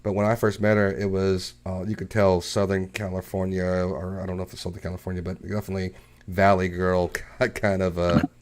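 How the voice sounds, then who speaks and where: A man's voice: low voice, monotone, a little fast. A man co-hosting a casual talk show, telling stories and laughing as he goes. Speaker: podcast co-host. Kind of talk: casual chat.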